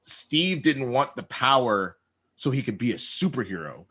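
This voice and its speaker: A man on a podcast, recapping an episode in an animated way and acting out characters' lines. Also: medium pitch, measured pace, slightly rough. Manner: acts out quoted lines in lively voices. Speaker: podcast co-host.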